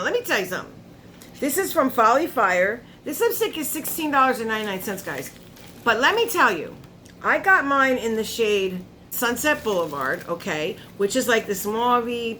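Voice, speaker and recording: A woman beauty vlogger chatting casually at her makeup table while unboxing products, telling stories with animated asides to her viewers. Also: mid-range voice, slight background noise.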